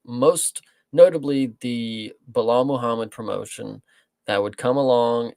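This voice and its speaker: Gravelly, blunt-talking man. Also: mid-range voice, darkish tone, dry recording. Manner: blunt, profane, rambling. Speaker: podcast co-host. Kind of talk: casual sports chat.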